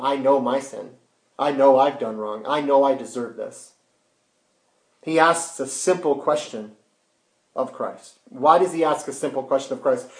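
Male pastor, sermon, emphatic and questioning, mid-pitched voice, roomy church echo. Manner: emphatic, rhetorical questions, dramatic hushed drops.

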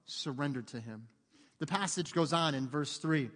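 A man preaching a sermon in an animated way, joking with the congregation and acting out voices. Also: on the high side, normal speed. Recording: long hall reverb.

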